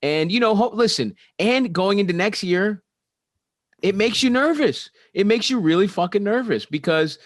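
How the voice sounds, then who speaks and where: Joking man with a highish voice. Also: expressive, normal speed, dry recording, studio quality. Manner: crude jokes, laughs a lot. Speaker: podcast co-host. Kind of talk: casual sports chat.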